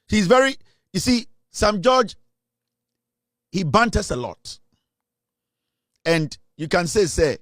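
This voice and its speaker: A man's voice: sits high, dry recording, clean studio sound. A Ghanaian man hosting comic political commentary, mixing English with Twi and laughing often. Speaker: show host.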